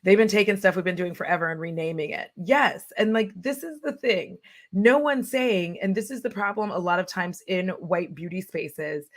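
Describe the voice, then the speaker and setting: Brief: young woman livestream host, lively and emphatic, casual chat, laughs a lot. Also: mid-range voice. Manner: animated, emphatic, laughs often, acts out quotes.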